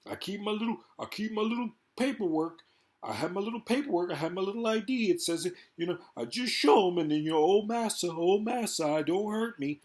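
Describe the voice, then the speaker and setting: A man's voice: high voice, fairly quick, darkish tone, voice pushed up, lightly acted. A man mockingly voicing a meek, cowering man who pleads for mercy in a whiny tone. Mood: groveling. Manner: whiny, groveling.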